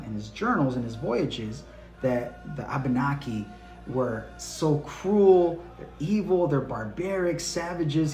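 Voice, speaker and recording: A man's voice: mid-range voice, darkish tone. A man hosting a history lesson, talking bluntly and casually with slang. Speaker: history channel host. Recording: roomy echo with faint music.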